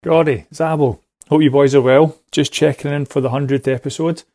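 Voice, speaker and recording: A man's voice: fairly high pitch, steady tone, normal speed, dark tone, slight background noise. A man calling in with a story, rambling along with lots of ums and little laughs. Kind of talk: casual recorded voice message.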